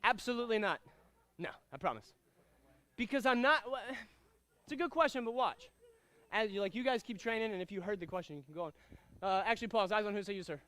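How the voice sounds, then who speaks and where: A man teaching a karate class, giving energetic commands and calling out drills and counts. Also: high voice, fast, long pauses, clear, resonant tone, no room sound. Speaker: karate instructor. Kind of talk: martial arts class instruction.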